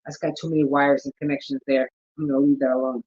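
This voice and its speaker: A woman's voice: very deep voice, flat delivery, quick pace, darkish tone, husky, highs cut off. A woman vlogging about gardening in a casual, rambling chat, thinking aloud and yawning often. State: sleepy, yawning.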